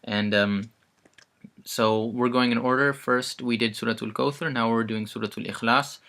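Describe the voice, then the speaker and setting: In a casual lesson, a man teaches Quran recitation, walking through each sound step by step and repeating words several times. When he chants the verses, his voice gets louder. His pitch is medium, his intonation fairly even, and his pace moderate.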